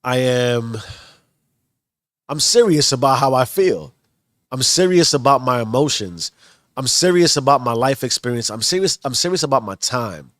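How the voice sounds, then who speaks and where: A man's voice: medium pitch, lively intonation, normal speed, a bit bright, dry recording, clean studio sound. A married man with children talking in a casual motivational monologue, earnest and rambling with many restarts. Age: adult, married with children. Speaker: self-improvement vlogger.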